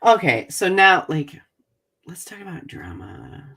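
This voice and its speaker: A woman co-hosting a podcast in casual chat, making reflective points with animated asides and frequent laughter. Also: low voice, unhurried, vocal fry. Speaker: podcast co-host.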